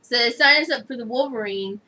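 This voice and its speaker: Chatty, giggly woman with a high bright voice. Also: brisk, poor audio. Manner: chatty, giggly, rambling stories. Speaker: podcast co-host. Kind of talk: casual banter show.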